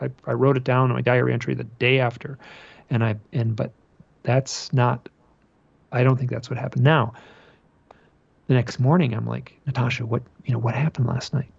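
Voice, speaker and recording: A man being interviewed about a personal experience, telling it as an animated story, often repeating phrases and restarting his sentences. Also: medium pitch, moderate pace, gravelly, husky, no room sound, highs cut off. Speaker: podcast guest.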